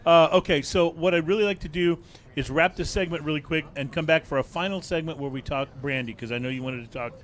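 A man's voice: fairly high pitch, quick pace. A man hosting a casual talk show about drinks, wrapping up and opening segments. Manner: relaxed, steers segments. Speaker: host. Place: studio with several guests.

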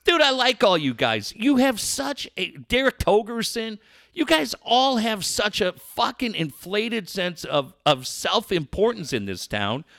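A man's voice: sits high, big pitch swings, unhurried, vocal fry, pushed and bright, no room sound. A man hosting a talk show, ranting angrily and swearing constantly. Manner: angry, profane, ranting. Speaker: sports radio host.

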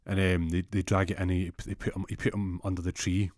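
Young man, low voice, rambling profane storyteller, dry close sound. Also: fairly even intonation, brisk, few pauses, dry recording. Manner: rambling, profane, with repeated restarts. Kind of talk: casual anecdotal storytelling.

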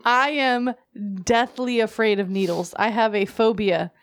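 A woman's voice: a little high, measured pace. A young adult woman co-hosting a casual podcast, blunt and swearing as she tells a story. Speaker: podcast co-host.

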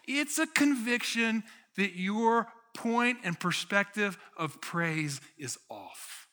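A man preaching a sermon as pastor, lively and conversational, acting out complaining voices to make his point. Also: sits high, slow pace, few pauses. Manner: animated preaching, acts out grumbling sheep in a whiny voice. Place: church sanctuary.

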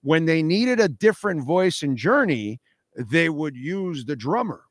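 A man's voice: a little high, very animated, a little slow, no room sound, clean studio sound. Emphatic man hosting a radio talk show. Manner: emphatic, repeats "no, no, no", reacts to chat. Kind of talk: casual opinionated radio talk. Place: radio studio.

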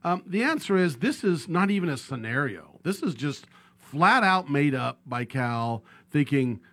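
Bright, blunt radio co-host man. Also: fairly high pitch, very animated, unhurried. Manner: blunt, dismissive, joking. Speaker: attorney co-host. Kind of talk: radio talk show banter.

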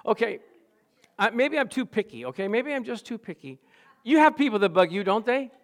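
Brief: pastor, man, higher voice, funny self-deprecating sermon. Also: big pitch swings, brisk. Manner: humorous, storytelling, self-deprecating.

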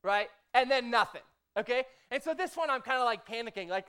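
This is a pastor with a clear, smooth voice at an ordinary middle pitch, giving a sermon in a relaxed, talkative way. They tell a personal story and act out the prayers they spoke to God. They keep checking in with the listeners by asking "okay?" and "right?". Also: a little fast. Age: adult, formerly a motivational speaker. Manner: conversational, punctuates with "okay?" and "right?"; lively storytelling, acts out own quoted prayers.

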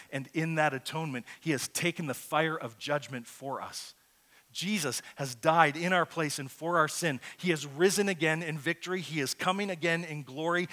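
A pastor preaching a sermon in an earnest, conversational way that swells into loud, emphatic peaks. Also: male voice, fairly high pitch.

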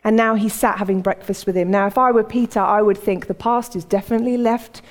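Speaking fast with medium pitch and fairly even intonation, a woman preacher delivers her sermon as conversational storytelling, performing the voices in each story. The sound has a long hall reverb.

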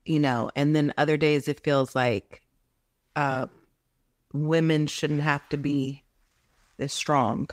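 A woman in a sit-down interview, speaking gently and candidly. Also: sits low, fairly even intonation, slow pace, pauses often, no room sound.

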